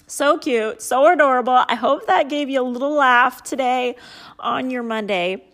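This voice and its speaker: A woman's voice: high-pitched, normal speed, fairly bright tone. A woman hosting a casual chat and reading out funny stories, often breaking into laughter at them. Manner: giggly, often laughs at what she reads. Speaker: host; parent.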